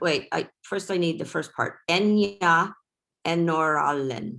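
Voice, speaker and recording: Low-voiced woman learning, hesitant. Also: normal speed, gravelly, fairly bright tone. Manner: hesitant, sounds words out with false starts. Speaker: language student. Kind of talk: one-on-one language lesson.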